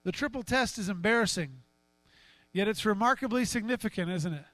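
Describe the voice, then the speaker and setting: A man's voice: sits high, a little fast, dry recording. A man preaching a sermon as pastor, chatting and joking with the congregation and acting out Bible scenes. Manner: acts out Bible dialogue in a raised, animated voice.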